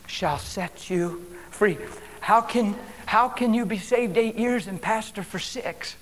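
A man with a high-pitched voice preaches a church sermon, driving his points home with emphasis. He swings between loud declarations and hushed, breathy whispers. A faint hum of the room hangs behind him. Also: moderate pace. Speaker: guest preacher. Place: church service.

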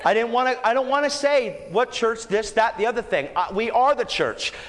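A man preaching a sermon, telling a story and then exhorting the congregation with rising, shouted emphasis. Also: very high voice, expressive, normal speed, a little hiss or hum. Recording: echoey hall, long reverb.

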